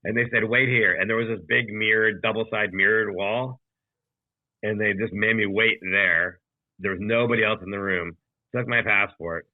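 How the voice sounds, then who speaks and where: A man's voice: on the low side, fairly even intonation, normal speed, dry recording. Man telling a story over a tinny call. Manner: profane, rambling anecdote with acted quotes. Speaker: comedian podcast co-host. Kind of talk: casual storytelling. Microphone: video call. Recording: dry tinny video call audio.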